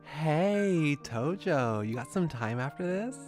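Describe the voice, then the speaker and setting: A man's voice: high-pitched, big pitch swings, a little slow, a little mellow, faint music behind, pitched above the performer's own voice. Man putting on a bubbly Valley Girl schoolboy. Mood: upbeat. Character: upbeat teenage schoolboy friend in a Valley Girl voice.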